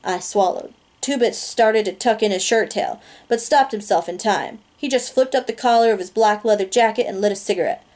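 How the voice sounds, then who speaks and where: A woman reading a novel aloud in a steady, plain narration, with small slips and restarts along the way. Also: mid-range voice, moderate pace, few pauses. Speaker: reader.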